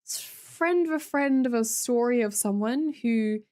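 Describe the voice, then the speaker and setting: A woman's voice: on the high side, a little slow, dark tone. A young Australian woman chatting casually as a streamer, reading viewer comments aloud and joking around with a teasing, chatty manner. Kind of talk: casual chat with live viewers.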